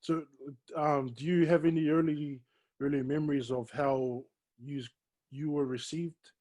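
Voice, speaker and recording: A man hosting a podcast, asking relaxed questions in a casual interview. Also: fairly high pitch, a little slow, rough recording. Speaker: podcast host.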